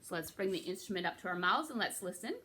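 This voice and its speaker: A woman's voice: on the low side, expressive, fast, sharp tone, slightly rough. A woman teaching a beginner recorder lesson, patient and encouraging, checking in with frequent okays. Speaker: music teacher.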